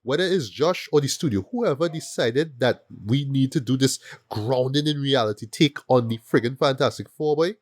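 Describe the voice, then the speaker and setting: A man's voice: medium pitch, normal speed, few pauses, no room sound, studio quality. A man hosting a casual film review chat, talking animatedly and often stopping to ask "right?". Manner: animated, repeats words and asks "right?" often. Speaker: film review podcast host.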